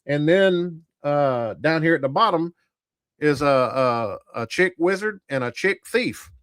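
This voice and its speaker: A man's voice: fairly high pitch, animated, a little slow, a bit bright, smooth, dry recording, clean studio sound. A man hosting a tabletop gaming channel, giving blunt, profane, rambling commentary to a live chat. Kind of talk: casual livestream commentary.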